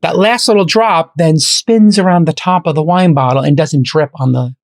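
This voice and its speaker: A middle-aged podcast host with a voice on the high side speaks at normal speed. Chatting casually, he tells stories and acts out both sides of conversations.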